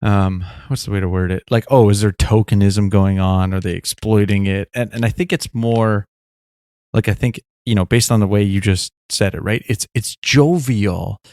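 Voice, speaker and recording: A man co-hosting a podcast, speaking in a relaxed, reflective way with some teasing. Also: on the low side, normal speed, no echo, clean studio sound. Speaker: podcast co-host. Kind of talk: casual chat.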